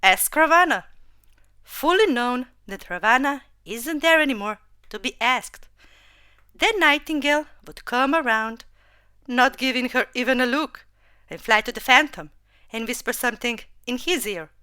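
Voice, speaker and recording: A woman narrating a story about robots in a slow, gentle storytelling manner, close to the mic. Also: a little high, expressive, clear, resonant tone, no echo.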